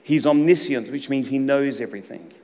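A middle-aged man preaching a sermon as a pastor, emphatic, rising to loud outbursts and dropping to hushed low lines. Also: a little fast. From Australia. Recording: long reverb of a hall.

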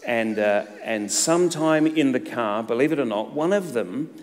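A middle-aged man preaching a sermon as a pastor, emphatic, rising to loud outbursts and dropping to hushed low lines. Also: expressive, moderate pace. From Australia. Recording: long reverb of a hall.

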